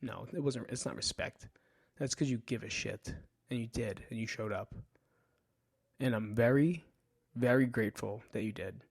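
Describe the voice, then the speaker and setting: A grieving man talks straight into the mic in a loose, unscripted monologue, dropping curse words and circling back on his sentences. His voice sits at an ordinary middle pitch. The sound is dry and close, with no room echo. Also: normal speed, creaky, husky. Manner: casual and frank, swears often, trails off and restarts. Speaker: podcast host. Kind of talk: candid personal monologue.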